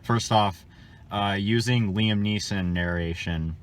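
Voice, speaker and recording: A man's voice: on the low side, takes it slowly, slight background noise. A young man co-hosting a casual movie chat, giving short laid-back replies and laughing along. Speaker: co-host.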